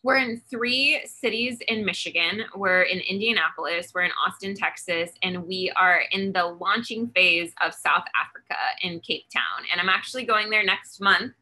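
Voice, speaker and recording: In a faith interview set in Texas, a guest who founded an outreach ministry speaks earnestly about her work, acting out her own dialogue in the stories. Her mid-range voice sounds pushed and bright, at normal speed with few pauses.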